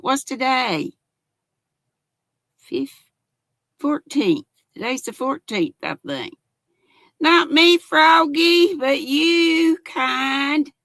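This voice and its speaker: An older woman hosts a relaxed livestream chat and greets her viewers one by one. Her gravelly voice rises and falls in a lively way as she talks at an unhurried pace. The sound is dry and close. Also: mid-range voice, dry recording. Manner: chatty, greets viewers by name. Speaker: livestream host.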